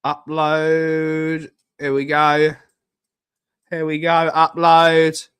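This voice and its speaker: A man chats casually on his live stream, wandering from thought to thought. He repeats his lines and cracks jokes, and his voice sits a little on the high side. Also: a little slow, a bit bright. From United Kingdom. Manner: rambling, repeats himself, jokey.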